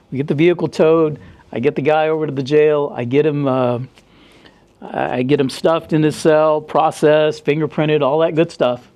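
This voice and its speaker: A middle-aged man from the United States, a former cop, tells stories in a casual interview. His voice is mellow and sits a little high for a man. He acts out the other people in the story. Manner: animated storyteller, acts out dialogue in a raised voice. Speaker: former police officer.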